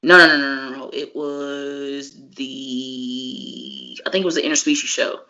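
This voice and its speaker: A woman wrestler in a casual interview, telling stories in an animated, slangy and profane way. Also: very deep voice, measured pace, faint music behind. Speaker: wrestler guest. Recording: dull lo-fi recording.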